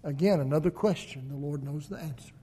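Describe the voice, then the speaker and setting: A man preaching a sermon, swinging between loud emphatic peaks and hushed low endings. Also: a little fast, breathy edge.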